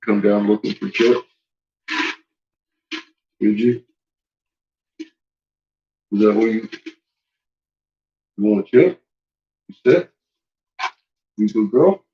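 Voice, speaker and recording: A man's voice: fairly low pitch, slow, pauses often, dull audio. A man at home talking to his pets in a playful, teasing way, baby-talking the dog and swearing casually. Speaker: pet owner.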